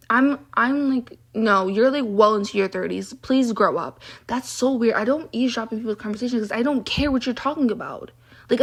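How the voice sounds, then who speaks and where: A young woman telling stories in a casual vlog rant, frank and exasperated, with lots of "like" fillers. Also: mid-range voice. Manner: frank and exasperated, heavy use of "like". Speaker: vlogger.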